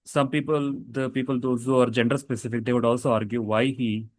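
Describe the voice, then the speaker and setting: A man's voice: medium pitch, fairly even intonation, fairly quick, no room sound. Man teaching grammar, dry sound. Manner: explanatory, with fillers and self-corrections. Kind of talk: casual grammar lesson.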